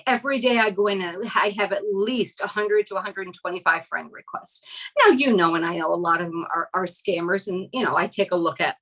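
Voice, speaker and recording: A woman taking part in a live question session, talking casually, halting and repeating phrases while she searches for words. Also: mid-range voice, a bit bright, poor audio. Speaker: community member, guest.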